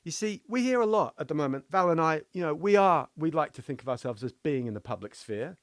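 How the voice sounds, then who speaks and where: A man's voice: fairly high pitch, lively intonation, fairly quick, no room sound, clean studio sound. A man from England co-hosting a casual philosophy podcast, telling playful jokey stories. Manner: playful, joking storyteller. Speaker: podcast co-host.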